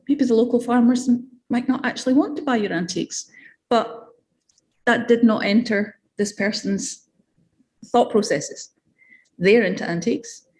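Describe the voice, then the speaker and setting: A woman's voice: mid-range voice, a little mellow. A woman with a Scottish accent giving an academic seminar talk in a conversational way, with fillers and asides. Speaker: academic lecturer.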